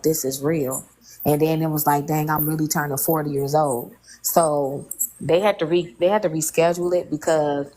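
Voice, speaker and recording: A woman's voice: sits low, rough recording. A woman in her late thirties telling a personal story in casual chat, candid and colloquial, with strong feeling. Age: 30s.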